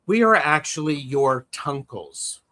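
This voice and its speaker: A man with a bright, ringing voice pitched a little high chats slowly and playfully. He co-hosts a tarot livestream from home, heard through a video call, and he often trails off and starts his sentences again. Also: expressive. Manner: chatty and playful, trailing off and restarting. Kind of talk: casual live chat.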